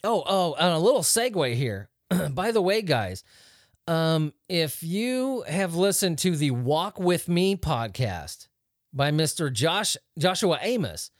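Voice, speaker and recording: A man's voice: on the high side, big pitch swings, slow, no echo, clean studio sound. A man hosting a podcast, reading news headlines aloud and riffing on them in a joking, rambling way with frequent laughs. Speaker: podcast host. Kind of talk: casual rambling news chat.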